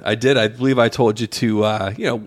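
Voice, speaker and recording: A man co-hosting a casual office podcast, telling a lively story and acting out the lines of the people in it. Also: medium pitch, brisk. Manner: lively storyteller, acts out quotes. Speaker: podcast co-host. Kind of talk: casual chat. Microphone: studio mic in an office.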